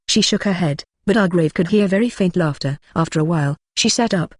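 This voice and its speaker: An audiobook narrator reading a fantasy romance in a steady, even voice. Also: mid-range voice, a little fast, hardly any pauses, no echo. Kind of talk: steady read-aloud narration.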